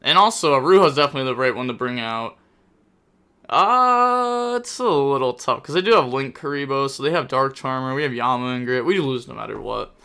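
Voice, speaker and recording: A young man commentating a card game replay, talking fast and getting exasperated, breaking into loud outbursts at misplays. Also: medium pitch, animated, smooth. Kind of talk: gameplay commentary.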